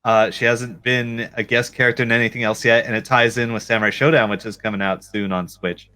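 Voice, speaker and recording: A man co-hosts a casual gaming podcast with a bright, forward voice at a middling pitch. He talks in a playful, jokey way and tells his stories with animation. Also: fairly even intonation, a little fast, clear, resonant tone. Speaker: podcast co-host.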